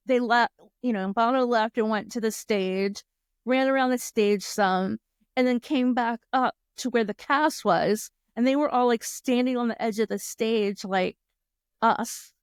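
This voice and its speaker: Chatty woman with a smooth voice. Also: fairly high pitch, measured pace, no room sound, studio quality. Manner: chatty, laughing, many fillers. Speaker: podcast co-host. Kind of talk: casual chat.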